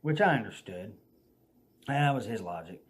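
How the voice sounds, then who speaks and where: A man with a Southern US accent telling a folksy, animated story in a casual vlog, laughing as he goes. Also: lowish voice, moderate pace, a little hiss or hum.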